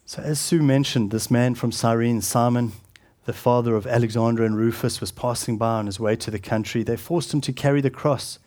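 A man's voice: medium pitch, fairly even intonation. Earnest man preaching a sermon. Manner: earnest preaching, drops to a hushed, solemn tone, halting restarts. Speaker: pastor.

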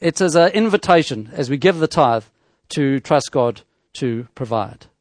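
A man preaching a sermon in a measured teaching tone, with rhetorical questions and frequent restarts. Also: medium pitch, animated, dry recording.

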